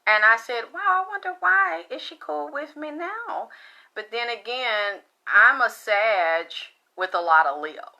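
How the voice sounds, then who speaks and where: A woman's voice: fairly high pitch, animated, a little slow, bright, forceful tone, dull audio. A middle-aged woman hosting a casual spiritual talk, blunt and profane, rambling with frequent restarts. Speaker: spiritual talk show host.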